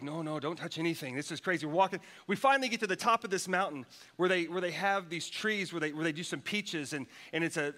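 A pastor from the United States, his voice on the high side and fairly bright, preaches a sermon built around a personal story. He restarts often and repeats words.

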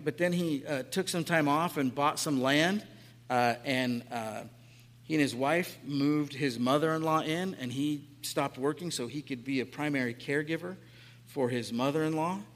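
Man in his late forties, pastor, casual storytelling sermon, chatty, slightly high voice, long hall reverb. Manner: casual, chatty, frequent tag questions. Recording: echoey hall.

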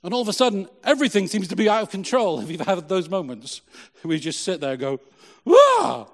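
A middle-aged man, a pastor, preaching a sermon with emphatic, slow, repeated phrases. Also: high-pitched, long reverb tail.

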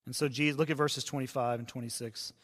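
Bright-voiced man preaching in a reverberant hall. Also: mid-range voice, steady tone, fast. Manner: conversational preaching, dropping to hushed tones for quoted voices. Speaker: pastor. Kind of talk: sermon.

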